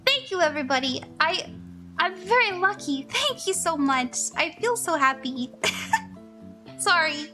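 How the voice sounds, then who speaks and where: Bubbly high-voiced young woman streamer. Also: big pitch swings, takes it slowly, pauses often, pushed and bright. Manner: gushing, emotional, laughs often, reads chat aloud. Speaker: livestream tarot reader. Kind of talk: casual livestream chat. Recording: faint music behind.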